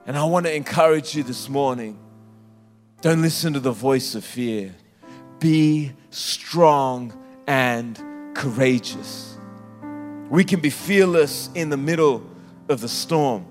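A man preaching a sermon in a church, with impassioned, sometimes sung, drawn-out phrases. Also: fairly high pitch. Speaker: pastor. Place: church hall. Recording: live church hall with reverb and soft instrumental music. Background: soft instrumental music.

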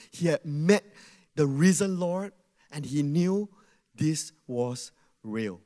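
High, animated man preaching in a hall. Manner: animated, questions the audience, acts out quotes. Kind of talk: sermon.

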